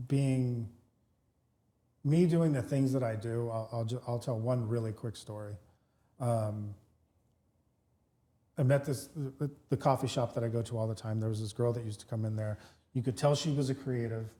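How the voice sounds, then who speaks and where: Storytelling man with a mellow voice. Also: medium pitch. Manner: animated storyteller, many restarts, acts out both sides of dialogue. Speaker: podcast co-host, real estate broker. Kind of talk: casual storytelling chat.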